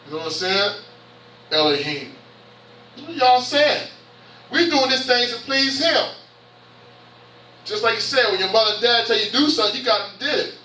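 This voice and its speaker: A man's voice: sits high, sharp tone, a little hiss or hum. A man preaching a sermon in a church, talking to the congregation and reading scripture aloud. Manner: conversational preaching with call-outs to the congregation; reads scripture aloud haltingly. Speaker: bishop preaching. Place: church hall. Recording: echoey church hall, mic from far off.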